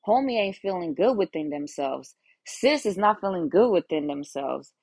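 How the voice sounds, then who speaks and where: A woman's voice: fairly low pitch, sing-song, normal speed, darkish tone, slightly rough, dry recording. A young woman hosting a solo podcast, talking frankly and casually with lots of cursing, often acting out her own inner voice. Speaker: podcast host.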